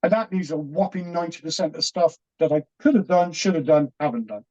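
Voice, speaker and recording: A man's voice: on the high side, warm tone. Earnest man telling a story. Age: middle-aged. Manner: earnest, halting, with repeated restarts. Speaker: interview guest. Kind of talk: personal storytelling. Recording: dull, muffled audio.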